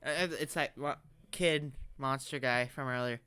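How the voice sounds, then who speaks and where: A woman's voice: very deep voice, measured pace, bright, forceful tone, smooth. A woman gamer giving casual commentary as she plays, chatty and self-mocking, gasping and stammering as she reacts. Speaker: gamer playing on camera.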